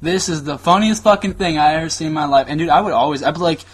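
A young man co-hosting a podcast in crude, jokey banter, loud and profane, recorded on cheap gear. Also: fairly high pitch, breathy edge. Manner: loud, profane, jokey, puts on quick voices. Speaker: podcast co-host. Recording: cheap mic in a room, voice sometimes far.

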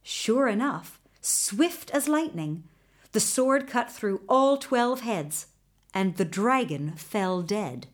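A woman narrating a fairy tale in an expressive storybook reading style. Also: medium pitch. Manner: expressive, unhurried.

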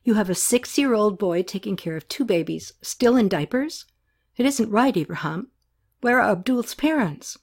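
A woman's voice: mid-range voice, animated, normal speed, a little mellow, pitched above the performer's own voice. A woman reading a novel aloud, voicing an earnest young woman doctor who asks urgent, pleading questions. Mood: distressed.

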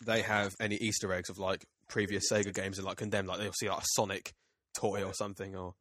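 A young man cohosting a casual podcast chat, rambling and halting, with casual swearing. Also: low-pitched, level tone, noisy background. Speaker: podcast co-host.

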